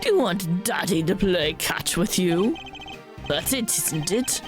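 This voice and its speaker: A woman's voice: fairly low pitch, animated, slow. A woman voicing a smug, scheming older man who mocks and taunts in a theatrical way. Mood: condescending. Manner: oily, mocking, theatrical. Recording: stream with game music behind.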